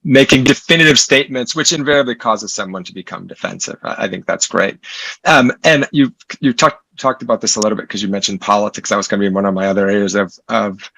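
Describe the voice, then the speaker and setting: A man's voice: fairly low pitch, quick pace, vocal fry, pushed and bright, breathy edge, no room sound, poor audio. A man from Puerto Rico hosting an interview, asking thoughtful questions and tagging on "right?". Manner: thoughtful, frequent "right?" tags and restarts. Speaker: interview host. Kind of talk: conversational interview.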